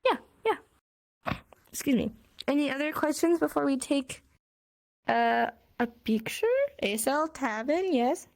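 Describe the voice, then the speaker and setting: A woman's voice: high voice, unhurried, gravelly, a little mellow. A young woman casually teaching a sign language class online, chatty with many fillers and frequent laughs.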